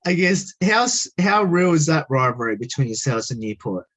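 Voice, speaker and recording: A radio host asking interview questions over a video call, hesitant and full of "um" fillers, laughing often. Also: male voice, a little high, very animated, normal speed, fairly bright tone.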